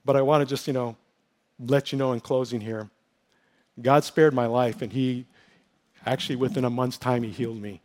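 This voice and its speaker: A man's voice: mid-range voice, steady tone, moderate pace, a little mellow. A middle-aged male pastor giving an earnest, emotional testimony in a sermon, telling his story with many fillers and restarts.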